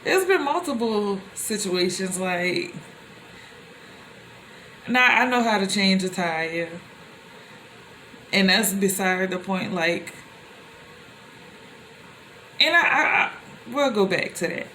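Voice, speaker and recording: A young woman telling personal stories to the camera in a loose, conversational way, with animated exclamations. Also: medium pitch, takes it slowly, long pauses, a little hiss or hum. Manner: animated, with rising exclamations when quoting others; loose and conversational, with many fillers and restarts. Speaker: vlogger.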